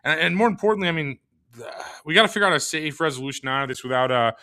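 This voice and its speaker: Quick, bright-voiced man rambling. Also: fairly high pitch, lively intonation, dry recording. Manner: rambling, many restarts and fillers. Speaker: podcast guest. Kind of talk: casual podcast chat.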